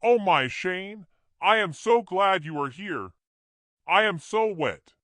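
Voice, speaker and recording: A man's voice: high-pitched, animated, slow pace, a bit bright, no room sound, clean studio sound, voice pushed up, exaggerated voice. A man voicing a seductive, menacing woman doctor with something demonic about her, mocking and snarling. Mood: sultry.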